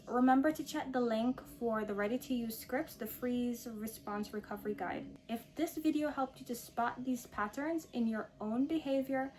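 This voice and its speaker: A woman hosting a self-help video, giving calm, firm advice straight to the viewer and slowing down to stress key phrases. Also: high-pitched. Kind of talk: direct-to-camera advice talk.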